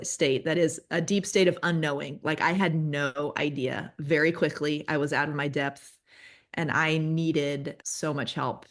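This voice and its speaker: A woman's voice: sits low, fairly bright tone. A woman in her forties, a children's ministry guest, telling candid, self-deprecating stories in casual conversation.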